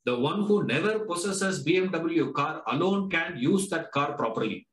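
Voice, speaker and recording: Male Vedanta teacher, Indian English accent, higher-pitched voice, roomy echo, prods the class with rhetorical questions. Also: expressive, moderate pace, fairly bright tone. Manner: questioning, rhetorical, drills students with "no?" and "huh?". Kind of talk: classroom lecture. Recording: echoey lecture room.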